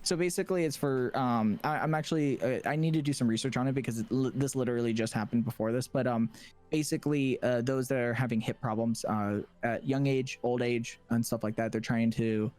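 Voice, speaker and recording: A man's voice: medium pitch, fairly even intonation, a little mellow, faint music behind. Young man chatting with many fillers. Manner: halting, many fillers and restarts. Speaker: podcast guest, streamer. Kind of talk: casual interview chat.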